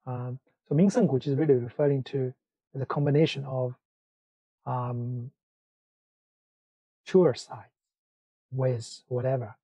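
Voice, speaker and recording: A man teaching a language lesson, explaining in English between slow examples with many fillers. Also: mid-range voice, level tone, mellow, husky, no room sound, dull audio. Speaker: Mandarin teacher.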